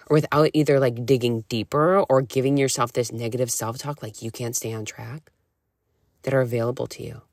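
A woman in her thirties, a podcast host and nutrition coach, talking in a candid, animated way, full of "like" and casual swearing. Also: a bass voice, no echo, studio quality. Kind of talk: casual solo podcast talk.

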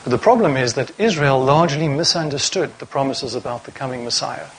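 A man's voice: medium pitch, brisk, slight background noise, low-quality recording. A man preaching a sermon to a congregation, reading scripture aloud and asking rhetorical questions.

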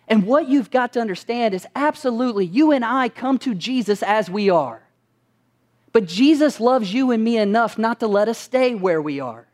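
A man's voice: very high-pitched, expressive, moderate pace, darkish tone. A man preaching a sermon as pastor, asking his listeners rhetorical questions and answering them with emphasis.

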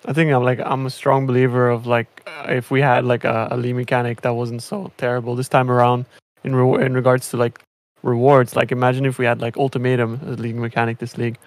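A man's voice: medium pitch, flat delivery, quick pace, no echo. A man chatting casually about a video game, rambling with many fillers and restarts. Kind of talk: casual gaming chat.

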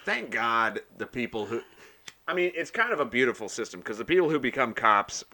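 A man's voice: medium pitch, sing-song, a little fast, sharp tone. A man hosting a casual chat, reacting to a story with short questions and mocking asides.

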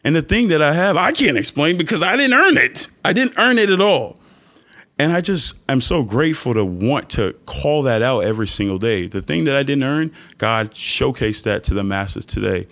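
A young man hosting a podcast, giving an earnest, preachy, faith-based motivational talk that often jumps into high mock voices for emphasis. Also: animated, normal speed, fairly bright tone. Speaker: podcast host.

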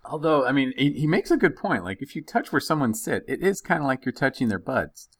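A man in his thirties, a podcast co-host, telling a funny family story in a casual, animated way and laughing often. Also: mid-range voice, a little fast, husky, no echo.

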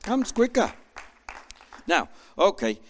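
A man preaching a sermon with an animated manner, acting out voices as he tells the story. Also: high-pitched, slow pace, a faint crowd. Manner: animated, acts out voices in quotes.

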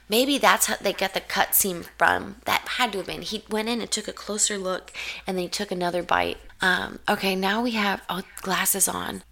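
A woman's voice: medium pitch, vocal fry, pushed and bright. A woman giving casual reaction commentary while watching a show, sarcastic and profane, with rambling asides.

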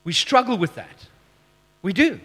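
Man, pastor, preaching a sermon, emphatic, drawn-out key phrases, bright voice, reverberant church hall. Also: high voice, sing-song, breathy edge. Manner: emphatic, slows down for key phrases, self-deprecating asides.

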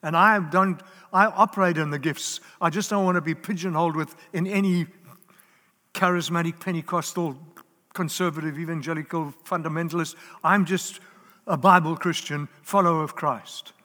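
A man with a slightly high voice preaches earnestly from the front of a church. He presses his points with lists and repeated words, and his voice rings with the long echo of a large hall. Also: fairly even intonation, normal speed, sharp tone. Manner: earnest, emphatic, with lists and repetitions. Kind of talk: sermon. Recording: live in a large reverberant hall.

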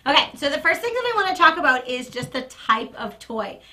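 Woman, dog trainer, live stream, very expressive, light background noise. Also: a little fast. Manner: excited high-pitched praise to a dog; chatty and animated.

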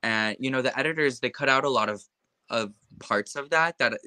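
A man's voice: medium pitch, fairly quick, bright, forceful tone, smooth, dry recording. A young man in a casual interview, talking frankly with lots of fillers like "like" and "you know". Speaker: interview guest. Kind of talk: casual conversation.

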